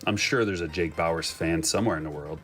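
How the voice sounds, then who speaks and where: Deep voiced guy ripping packs, chatty and hyped, a bit of music in the back. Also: brisk. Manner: excited, joking, chatty. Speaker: card break host. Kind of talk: casual live commentary while opening packs.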